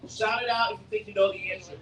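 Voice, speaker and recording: Young male gator-show presenter, high tenor, cracking jokes at a crowd; distant echoey outdoor capture. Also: steady tone, fast talker, a bit bright, a little hiss or hum. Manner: joking, quizzing and teasing the audience. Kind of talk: live animal show talk to a crowd. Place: outdoor alligator show arena at a theme park.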